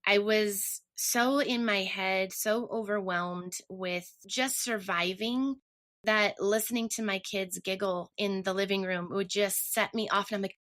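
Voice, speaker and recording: A woman's voice: mid-range voice, fairly even intonation, measured pace, fairly bright tone. A woman telling her personal story earnestly and emotionally, often restarting her sentences. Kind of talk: personal testimony.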